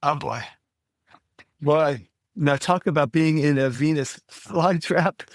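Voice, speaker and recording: A man's voice: a little high, takes it slowly, dry recording, studio quality. A man hosting a podcast interview, reacting to his guest with short interjections and questions. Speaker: podcast host.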